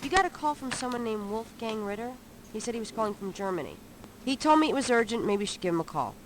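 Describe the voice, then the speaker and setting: An actress playing a sharp-tongued young woman shop assistant in a 1990s adventure game, sassy and dry. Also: on the high side, big pitch swings, fast talker, a little hiss or hum, poor audio.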